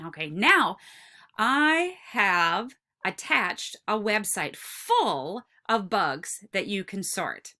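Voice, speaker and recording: A woman with a mid-range voice leads a recorded lesson for kindergartners. She speaks slowly, with bright, lively swoops in pitch, and stretches her words out in an encouraging way suited to children.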